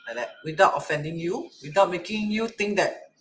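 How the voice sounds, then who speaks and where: Bright-voiced chatty metaphysics teacher. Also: mid-range voice, brisk, a little hiss or hum. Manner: chatty, asks rhetorical "correct?" often; colloquial English with "lah" and "lor" particles. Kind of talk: casual online class talk.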